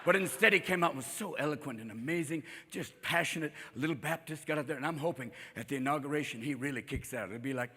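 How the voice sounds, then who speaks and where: A man doing a stand-up comedy set, rapid-fire and profane, jumping into character voices, recorded live with a faint crowd and ambience behind him. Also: on the high side, sharp tone, breathy edge, big-room sound. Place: live comedy venue with audience.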